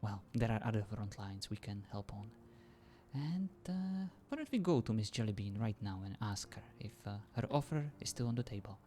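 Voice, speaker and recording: Calm, measured man in role-play. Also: on the low side. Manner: calm, measured, chuckles often. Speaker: streamer role-playing a character. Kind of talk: in-character role-play chat.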